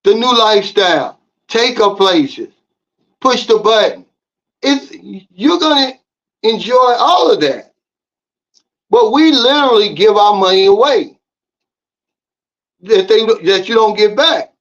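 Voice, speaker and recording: A man from the United States delivers a casual vlog monologue, lecturing his viewers with emphatic, preachy advice. His voice sits high for a man. The audio is a little dull and lo-fi. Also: animated, slow pace, pauses often, a bit bright. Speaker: vlogger.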